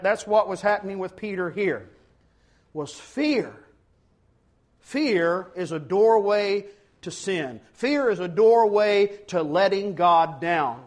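A man preaching a sermon, acting out the quoted dialogue dramatically. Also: sits high. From not from Ohio; lives in Ohio.

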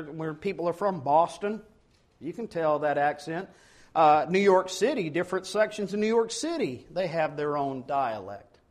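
A man preaching a sermon, acting out the quoted dialogue dramatically. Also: on the high side. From not from Ohio; lives in Ohio.

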